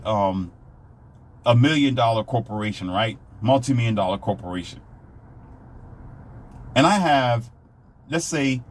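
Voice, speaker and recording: Man, husky, blunt, emphatic, repetitive rant. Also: mid-range voice. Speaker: self-published author giving dating advice. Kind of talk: ranting monologue.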